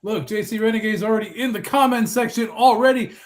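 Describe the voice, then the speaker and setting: High-voiced jokey wrestling commentator man. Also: a little fast. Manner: rambling, jokey narration with self-corrections. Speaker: play-by-play commentator.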